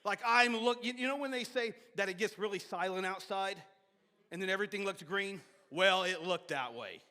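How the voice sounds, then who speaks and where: A man preaching a sermon as pastor, animated, with sudden shouts and soft drops, often repeating and restarting words. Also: high voice, moderate pace. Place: church sanctuary. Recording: long hall reverb of a church sanctuary.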